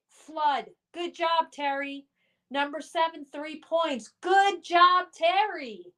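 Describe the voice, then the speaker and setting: Lady streamer reading chat out loud at home, pretty high voice, chatty game host. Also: slow pace. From Colorado. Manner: reads out chat messages and hosts a guessing game. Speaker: livestream host. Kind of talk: casual livestream chat reading viewer comments.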